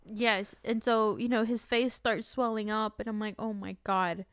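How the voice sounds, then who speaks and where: A woman's voice: on the high side, little pitch movement, normal speed, smooth, dry recording, clean studio sound. A woman co-hosting a podcast, chatting casually about a film, swearing freely and acting out her own reactions. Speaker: podcast co-host.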